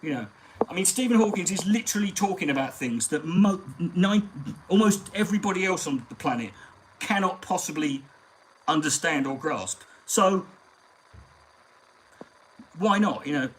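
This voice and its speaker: A man's voice: high-pitched, big pitch swings, moderate pace, long pauses, poor audio. Sweary rambling man. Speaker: comedian and live-stream host. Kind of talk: casual live-stream chat.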